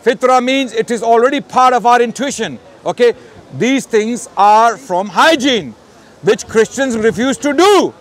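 Guy debating on the street, loud and insistent, pretty high voice, traffic around. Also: expressive, a little slow. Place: outdoors on a city street.

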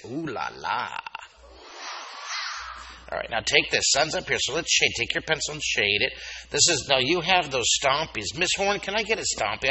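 A man leading a live drawing lesson at a school assembly, animated and playful, coaxing the children to repeat words after him. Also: medium pitch, muffled recording, slight background noise. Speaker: drawing teacher.

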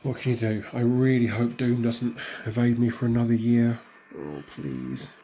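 A hoarse man, still recovering from illness, casually commenting and muttering reactions as he opens in-game crystals. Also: mid-range voice, flat delivery, moderate pace, warm tone, a little hiss or hum. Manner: chatty, mutters reactions to himself. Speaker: gaming channel host.

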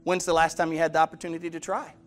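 A preacher with a notably high voice delivers a sermon, pressing his congregation with direct questions and slipping into character voices as he tells his stories. Faint music sits quietly behind him in the church. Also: level tone, racing. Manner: storytelling, acts out quoted voices. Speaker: pastor.

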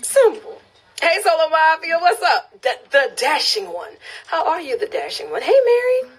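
A woman's voice: sits high, sing-song, normal speed, a bit bright. A woman from Louisiana with a Louisiana accent hosting a casual phone live stream. She reads viewer comments, laughs often and repeats phrases for emphasis. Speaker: livestream host.

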